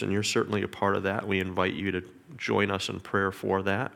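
A middle-aged man with a low, gravelly voice tells a personal testimony. He speaks earnestly and with strong emotion, and at times drops to a near whisper. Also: flat delivery, moderate pace, few pauses. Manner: earnest, emotional storytelling with quiet whispered prayers. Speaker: father giving a testimony.

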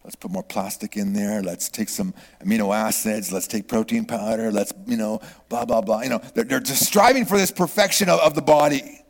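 A middle-aged man preaching a sermon, swinging from loud exclamations to hushed whispers. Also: on the low side, brisk, gravelly, hardly any pauses. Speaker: pastor. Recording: long reverb of a large hall.

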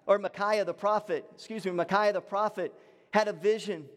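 A male pastor preaching a sermon, swinging between raised emphatic lines and low, hushed ones. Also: steady tone, moderate pace, in a large hall.

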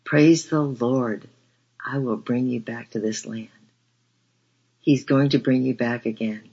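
A beaming male helper speaks slowly and with emphasis, full of praise, as a male narrator puts him on. His voice is gravelly and husky, on a dull, lo-fi recording. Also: mid-range voice, steady tone, a little mellow. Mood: joyful.

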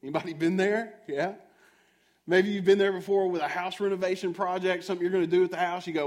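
A man's voice: sits high, steady tone, fast. A man preaching a sermon, telling a self-mocking story and asking the audience questions directly.

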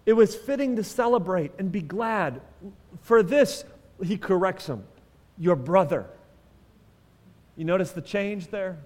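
High-voiced man preaching in a reverberant hall. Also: normal speed. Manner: conversational preaching, asks the congregation questions, wry humor. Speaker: pastor. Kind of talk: sermon. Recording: long reverb of a large hall.

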